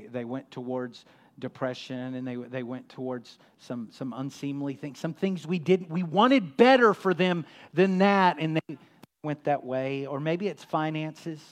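Pastor preaching with big swings in volume. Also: male voice, mid-range voice. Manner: swings from hushed to loud, emphatic. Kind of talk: sermon.

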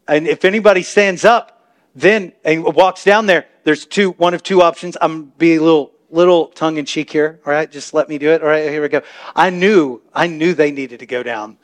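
A man preaching a sermon as pastor, talking to the congregation in a chatty way and building to impassioned shouts. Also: fairly high pitch, normal speed. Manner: impassioned, rising to shouts, conversational asides to the congregation. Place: church sanctuary.

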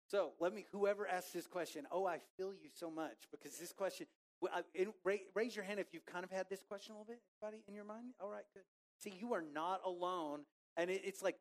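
A man preaching a sermon to a church congregation in a relaxed, conversational way, joking with the people in the room. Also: high-pitched, a little fast. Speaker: pastor. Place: church auditorium.

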